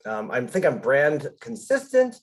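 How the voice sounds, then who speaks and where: A man with a slightly husky voice speaks up from the group during a workshop. He feels his way through his question, stumbling and repeating words before getting his point out. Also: a little high, sing-song, a little slow. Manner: hesitant, repeats words as he starts. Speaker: workshop attendee.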